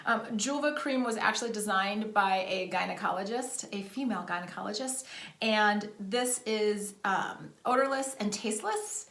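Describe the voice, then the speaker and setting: A woman's voice: mid-range voice, moderate pace, a bit bright, roomy sound. A middle-aged woman co-hosting a show, talking frankly and casually about intimacy products. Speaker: podcast co-host.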